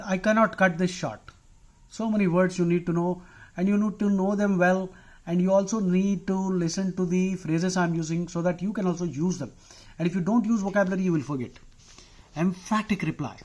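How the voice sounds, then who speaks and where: This man has a high, fairly mellow voice and an Indian accent. He teaches vocabulary in a relaxed, conversational lesson, drifting into side remarks and saying "uh" often.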